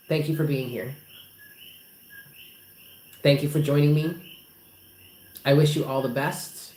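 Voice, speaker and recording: Low-pitched and mellow, her tone stays steady as she speaks unhurriedly and pauses often. She's a woman doing live tarot readings for viewers, warm and emphatic and casually profane, captured in a roomy recording with a faint noise floor.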